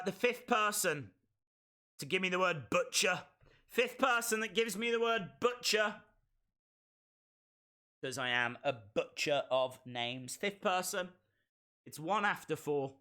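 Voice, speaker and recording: A man hosting a live stream, reacting to a wrestling show in excitable, chatty, self-mocking commentary. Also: sits high, a little slow, clean tone.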